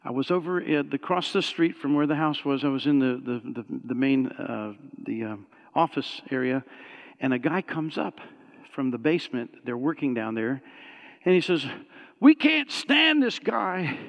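A man preaching a sermon, telling a story with animated swings and rising to shouted praise. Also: medium pitch, normal speed, in a large hall, dull audio. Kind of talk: sermon testimony.

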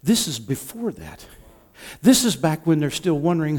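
A man preaching a sermon as pastor, impassioned, moving between hushed and loud delivery. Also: fairly high pitch, big pitch swings, normal speed.

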